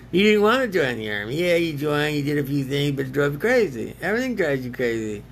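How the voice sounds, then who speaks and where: A man's voice: on the high side, very animated, moderate pace, a little hiss or hum. A man rambling to himself with frequent laughs, arguing back and forth as if two people were talking. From United States. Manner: laughs often, argues with himself in two voices. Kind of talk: rambling self-talk monologue.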